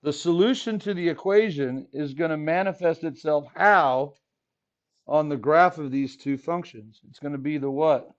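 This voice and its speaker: A man teaching a math class in a relaxed, joking way, often asking students questions as he works through problems. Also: a little high, normal speed. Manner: casual, jokey, asks the class questions. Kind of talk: classroom lesson. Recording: dull lo-fi classroom recording.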